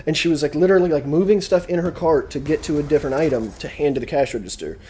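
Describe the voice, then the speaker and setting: A man's voice: on the high side, fast, a little mellow, a little hiss or hum. Exasperated young man ranting. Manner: exasperated, sarcastic, rambling. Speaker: vlogger. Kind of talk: casual ranting vlog.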